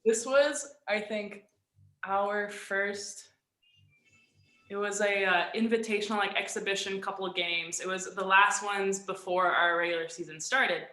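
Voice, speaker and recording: A young woman, a professional volleyball player, telling a story in a relaxed, chatty way with lots of "like". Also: medium pitch, a little slow, roomy sound. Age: young adult. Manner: animated storyteller, frequent "like". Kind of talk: casual storytelling on a video call.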